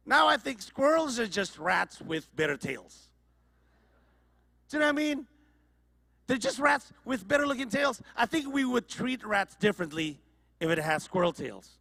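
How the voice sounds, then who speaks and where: A man's voice: very high-pitched, big pitch swings, normal speed, creaky, pushed and bright, long reverb tail. A man from Indonesia doing a stand-up comedy set on a ballroom stage, chatty and teasing the audience.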